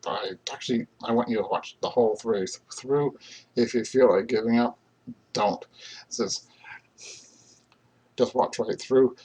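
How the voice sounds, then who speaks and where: A Canadian man chatting casually on his own stream, meandering and halting with many fillers and restarts. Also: mid-range voice, darkish tone, husky, rough recording. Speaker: solo streamer. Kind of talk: rambling casual vlog chat.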